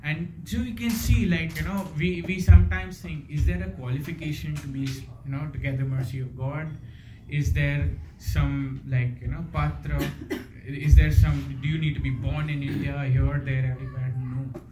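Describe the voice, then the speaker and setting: Over music, a man with a slightly high voice tells devotional stories in a steady tone at normal speed. Earnest, he poses rhetorical questions and says "you know" often, in an echoey hall with faint noise.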